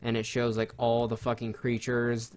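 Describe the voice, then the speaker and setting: A young man co-hosting a podcast, talking in a rambling, excitable way with lots of fillers and swearing. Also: medium pitch, moderate pace. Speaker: podcast co-host. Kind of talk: casual chat.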